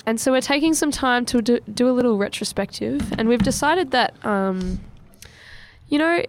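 A woman co-hosting a student radio show, steering the talk with cheerful presenter segues. Her voice sits a little high for a woman. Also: expressive, normal speed, slight background noise. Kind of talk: casual radio banter.

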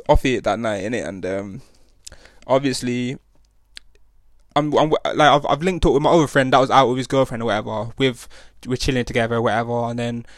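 A young man hosts a podcast and tells a rambling story in slang, full of restarts and tag questions, as a casual storytelling monologue. His voice is medium-pitched, and the sound is clean studio audio with no echo.

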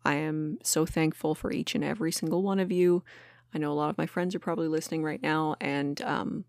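A woman's voice: low-pitched, fairly even intonation, a little fast, vocal fry, a little mellow, dry recording, studio quality. A woman hosting a podcast, talking in a casual monologue, earnest and encouraging and swearing casually. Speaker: podcast host.

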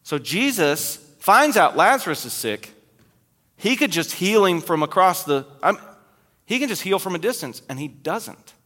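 A man preaching a sermon as pastor, retelling scripture with loud emphasis and quiet, dropped asides. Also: sits high, sing-song, measured pace, big-room sound.

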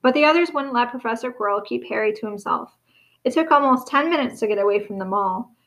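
Expressive woman narrating a storybook. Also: a little high, fast, low-quality recording. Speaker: audiobook reader.

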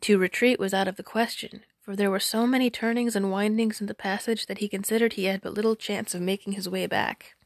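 Woman, storybook narrator, gravelly, dry close sound, measured and dramatic. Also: mid-range voice, steady tone, no room sound.

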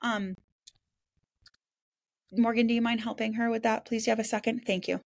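A woman's voice: fairly high pitch, steady tone, normal speed, vocal fry. Chatty New woman hosting a podcast. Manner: chatty, frank, swears and laughs easily. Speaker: podcast host. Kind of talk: casual podcast chat.

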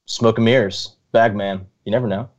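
A man co-hosting a casual podcast, teasing his friends and giving quick sports takes. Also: on the low side, fairly even intonation. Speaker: podcast co-host. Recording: dull lo-fi audio.

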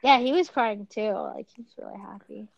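A young woman co-hosting a casual chat, soft-spoken, often trailing off and filling gaps with "like.". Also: mid-range voice, expressive, normal speed, creaky, no echo, lo-fi sound. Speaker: podcast co-host.

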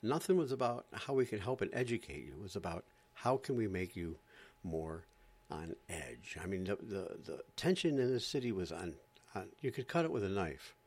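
A man's voice: sits low, sing-song, moderate pace, a little mellow, breathy edge. A man from Florida doing a sarcastic, exasperated stand-up rant. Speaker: comedian.

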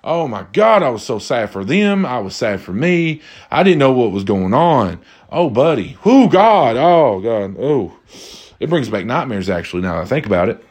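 Man, casual storytelling monologue, animated, exasperated, mid-range voice. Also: medium pitch, normal speed. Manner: animated, exasperated, rambling with many repeats. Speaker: storyteller addressing viewers.

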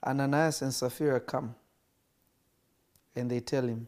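A man preaching a sermon in an animated way, acting out dialogue between the figures he describes. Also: medium pitch, unhurried, long pauses. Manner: animated, acts out dialogue in varied voices.

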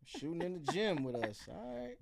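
Sports show co-host, jokey, voice jumps around a lot, mid pitch. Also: big pitch swings, normal speed, creaky, a crowd in the background. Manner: playful banter, jokey reactions. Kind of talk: casual sports chat.

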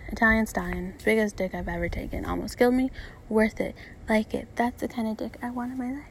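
A woman's voice: medium pitch, brisk, slight background noise. A young woman hosting her own podcast, talking in a blunt, profane, rambling way full of fillers. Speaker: podcast host. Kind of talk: casual solo podcast monologue.

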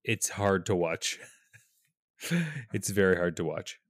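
A man's voice: deep voice, steady tone, slow pace, dry recording, clean studio sound. A young man co-hosting a podcast, chatting casually, laughing and teasing his co-host. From outside the United States. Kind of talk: casual banter.

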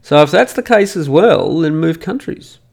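A man's voice: on the high side, expressive, moderate pace, creaky, a little mellow. A middle-aged Australian man hosting a solo podcast, ranting profanely in a mocking, emphatic way into a studio microphone. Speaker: podcast host.

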